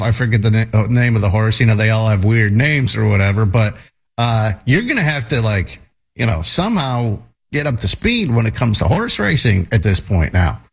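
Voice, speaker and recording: A man's voice: fairly low pitch, very animated, normal speed, vocal fry, husky. A man in his thirties, a talk show regular, telling a casual anecdote in a rambling way with many fillers and restarts.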